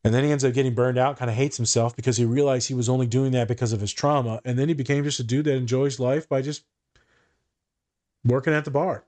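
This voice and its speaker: A man's voice: medium pitch, fast. Fields: Sex: man. Role: podcast therapist. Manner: casual, swears freely. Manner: swears freely, quotes others in animated voices, repeats words.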